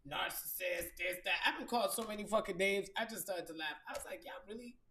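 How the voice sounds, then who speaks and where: A woman's voice: medium pitch, fast, a bit bright, a little hiss or hum. A woman telling a story in a blunt, profane and emphatic monologue as a podcast host. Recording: echoey room.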